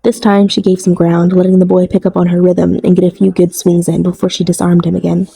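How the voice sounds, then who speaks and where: A woman reading a novel aloud in an even, measured way. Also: on the low side, gravelly, husky, low-quality recording. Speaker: audiobook narrator. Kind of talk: scripted narration.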